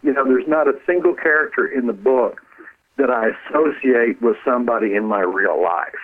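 A man, an author who trained as a counselor, speaking earnestly and haltingly in a radio interview, often repeating words. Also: mid-range voice, a little hiss or hum. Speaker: author and former counselor, guest. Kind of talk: radio interview over the phone. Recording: tinny phone line.

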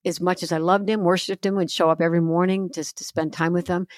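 A woman's voice: on the low side, level tone, quick pace, no echo, studio quality. A middle-aged woman talking earnestly as an author guest in a faith interview, confiding and often quoting scripture.

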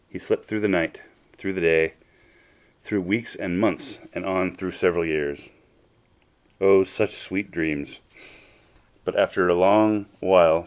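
A man reading a children's storybook aloud, unhurried and expressive, stretching out his phrases. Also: deep voice.

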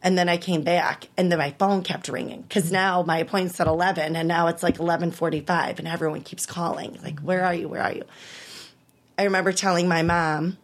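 A woman in her thirties, an interview guest telling her story in an animated way, acting out what people said and rising high when she relives the worst moments. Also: a little fast. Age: 30s. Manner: animated, acts out quoted voices, rises high when reliving distress. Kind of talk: emotional personal storytelling.

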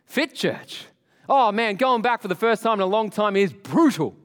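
A man's voice: high-pitched, normal speed. A man preaching a sermon to a congregation, casual and joking, talking straight to the people in front of him. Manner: animated, conversational, joking with the congregation. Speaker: pastor. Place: church. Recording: long hall reverb.

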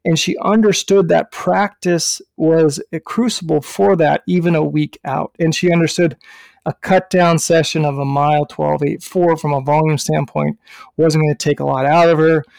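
Raspy high-pitched man telling a story. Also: normal speed, no echo. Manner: animated, swears, punchy filler words. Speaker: podcast co-host and running coach. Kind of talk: casual storytelling.

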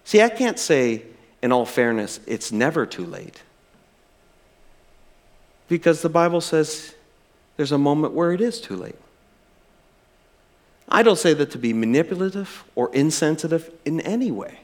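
A pastor delivering a sermon in a notably high male voice. He builds lines to emphatic peaks, then sinks to quiet, stretched-out words for weight. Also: sing-song. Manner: dynamic preaching, rising to emphatic peaks and dropping to soft, drawn-out words. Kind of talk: sermon with closing prayer.

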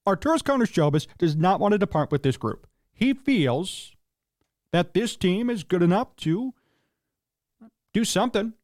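A man's voice: fairly high pitch, a little mellow, no echo, studio quality. A man hosting a solo sports talk show, ranting in an opinionated, exasperated way and asking rhetorical questions. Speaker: sports radio host.

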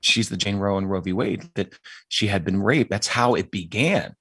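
A man's voice: fairly low pitch, moderate pace, a bit bright, slightly rough, no echo. A man answering interview questions in an earnest, emphatic way. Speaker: guest.

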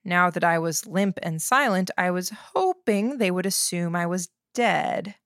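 A woman reading a first-person novel aloud in a steady, measured way. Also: on the low side, no room sound, studio quality. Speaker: audiobook narrator.

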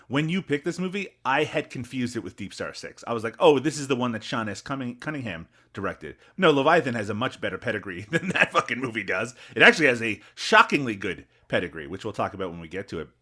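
A man's voice: mid-range voice, animated, fast, hardly any pauses, bright, forceful tone. A man co-hosting a podcast in casual movie chat, swearing freely and laughing between remarks. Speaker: podcast co-host.

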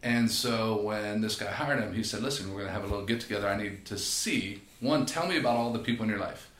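A man, a podcast guest and personal trainer, telling stories in a casual, animated way and acting out quotes. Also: lowish voice, fast. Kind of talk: casual storytelling. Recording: echoey room.

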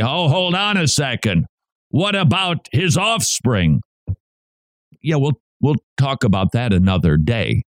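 A man hosts a Christian radio program in an earnest, preacher-like manner, often repeating his points for emphasis. He speaks slowly, with a lively, swooping pitch. The studio mic gives a close, dry sound. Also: no room sound. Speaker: radio host. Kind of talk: radio commentary.

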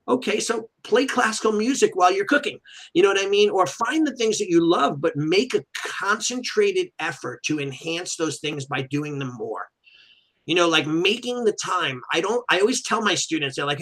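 A man co-hosting a casual podcast, an animated storyteller who acts out quotes and fills his talk with "you know". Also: sits high, moderate pace. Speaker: podcast co-host and martial arts school owner.

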